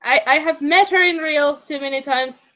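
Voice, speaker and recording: A woman's voice: sits high, moderate pace. A woman co-streaming in casual chat, teasing and often stammering over her words. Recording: dull lo-fi stream audio.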